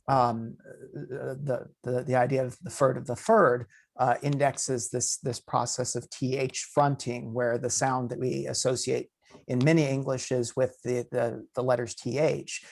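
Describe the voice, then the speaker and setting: Male linguist on a panel, gravelly voice, restarts a lot, measured academic talk. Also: medium pitch, darkish tone. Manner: stammering repeated starts, measured. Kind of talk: academic discussion. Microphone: video call.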